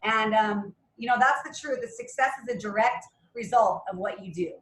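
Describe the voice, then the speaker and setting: A woman's voice: a little high, moderate pace, echoey room, low-quality recording. A woman leading a team call, chatty and full of praise for her team. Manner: warm praise, chatty with fillers. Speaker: call leader.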